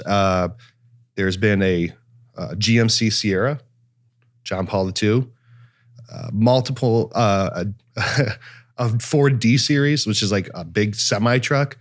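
A man co-hosting a casual podcast, telling facts with lots of fillers and laughing often. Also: fairly low pitch. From Ohio. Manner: jokey, laughs often, lists things with many fillers. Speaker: podcast co-host. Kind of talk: casual chat.

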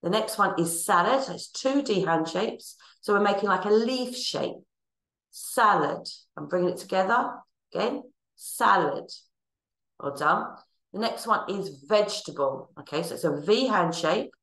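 A woman's voice: medium pitch, animated, unhurried, a bit bright. Encouraging Irish woman teacher, echoey room. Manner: encouraging, instructive. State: out of breath during exercise. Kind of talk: wellbeing class with sign language and exercises. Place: school room. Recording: echoey room, mic at a distance.

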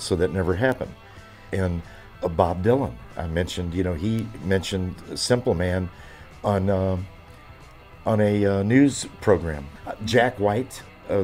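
Deep-voiced man in his seventies. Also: a little mellow, faint music behind. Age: 70s. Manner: rambling, halting with fillers and restarts. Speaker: drummer. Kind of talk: interview.

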